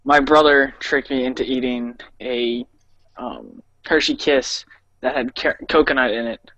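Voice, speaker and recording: A man's voice: medium pitch, animated, measured pace, vocal fry, pushed and bright, no echo. A man on a podcast making short, matter-of-fact remarks in casual chat. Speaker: podcast panelist. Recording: dull dry mic sound.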